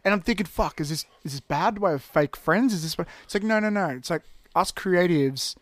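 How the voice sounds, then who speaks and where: A young man, guest on a podcast, tells stories in quick animated bursts and swears freely. His voice sits a bit higher than most men's and is recorded dry and close. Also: no echo. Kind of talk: casual storytelling.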